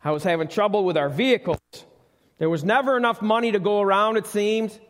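Speaking a little fast in a high voice, a middle-aged preacher poses questions to his congregation during a conversational sermon. The sanctuary recording is live, with long reverb.

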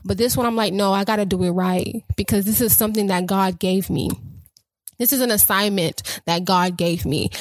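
A young adult woman hosting a casual faith podcast, talking with excitement and rambling, often repeating her phrases. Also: medium pitch, dry recording. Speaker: podcast host.

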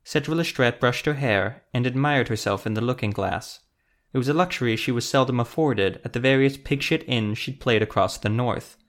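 A man reading fantasy audiobook narration in a steady, even storytelling manner. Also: medium pitch, normal speed.

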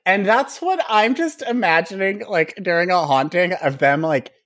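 A man's voice: sits high, normal speed, fairly bright tone. A man co-hosting a podcast, chatting casually about a film, laughing easily and often trailing off mid-thought. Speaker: podcast co-host. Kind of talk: casual chat recapping a film.

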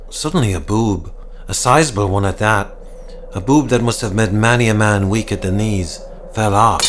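A man tells a comic tale in a wry, dramatic style. His voice sits at a middle pitch. A faint hiss runs underneath. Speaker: narrator. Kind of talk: storytelling narration.

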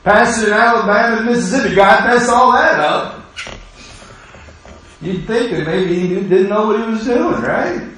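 A male pastor preaching a sermon, acting out both sides of people's prayers to God with lively emphasis. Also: high-pitched, normal speed. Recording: echoey hall, mic far off.

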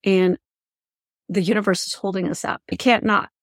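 A woman's voice: medium pitch, fairly even intonation, moderate pace, dry recording, studio quality. A woman hosting an interview podcast, chatting in an earnest, effusive way and thinking aloud as she goes. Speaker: podcast host. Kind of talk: reflective interview chat.

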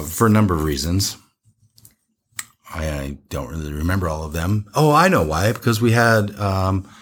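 A man's voice: deep voice, slight background noise. A man co-hosting a casual wine tasting show, chatty and rambling, laughing often.

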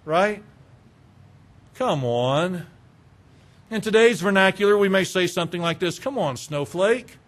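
Male pastor, middle-aged, sermon, animated, slightly high-pitched, loud and soft by turns. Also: a little slow, pauses often. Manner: animated preaching, swings between loud urging and quiet asides.

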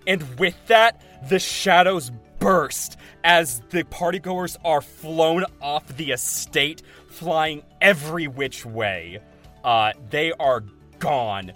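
A man running a tabletop game as game master, unhurried and full of little pauses. His narration comes slowly, with soft music playing underneath. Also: on the high side, animated. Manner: slow, halting, many fillers.

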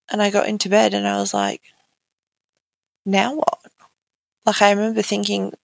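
A woman's voice: medium pitch, gravelly, dry recording. A young woman as an interview guest, telling her own story candidly and conversationally, with many "like" fillers. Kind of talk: personal account in an interview.

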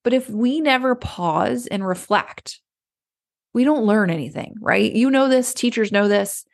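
Gravelly-voiced woman coach, chatty. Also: a little high, lively intonation, measured pace. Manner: conversational, often acting out inner voices. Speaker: clarity coach. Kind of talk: casual motivational talk.

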